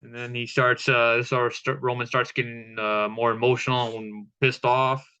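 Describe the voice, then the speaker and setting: A man's voice: medium pitch, little pitch movement, moderate pace, pushed and bright, clear, resonant tone, muffled recording. A man giving a casual, profane recap of a wrestling show, with lots of fillers.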